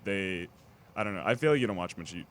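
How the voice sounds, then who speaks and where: Lively young man in casual podcast chat. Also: sits low, fast talker. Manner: playful, jokey, slips into silly put-on voices. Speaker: podcast co-host.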